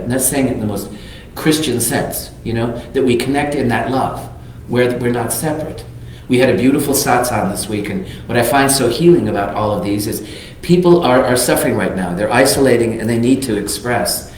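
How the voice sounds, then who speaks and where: A man, a minister, telling a personal story in a sermon as a lively storyteller who acts out the people he quotes. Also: mid-range voice, fairly quick, slight background noise. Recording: very echoey hall.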